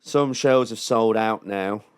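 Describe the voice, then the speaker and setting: A comedian guest on a podcast tells a long story in a fairly low, smooth voice at a slow pace. He laughs and acts out other people's lines in raised voices, in casual storytelling chat. The recording is dry and studio quality.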